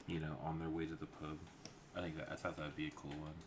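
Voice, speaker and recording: Deep-voiced man loosely talking through a story. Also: little pitch movement, fast talker, noisy background. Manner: loose and rambling, lots of fillers. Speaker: storyboard artist streaming. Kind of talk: casual livestream narration. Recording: clear keyboard typing behind.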